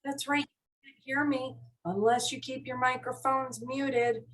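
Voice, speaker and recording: Cheerful higher-pitched woman teaching kids online. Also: fairly even intonation, unhurried, a bit bright. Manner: cheerful, sing-song classroom voice. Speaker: teacher of a young class. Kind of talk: live online lesson for young children. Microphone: video call computer mic. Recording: voice somewhat distant from mic.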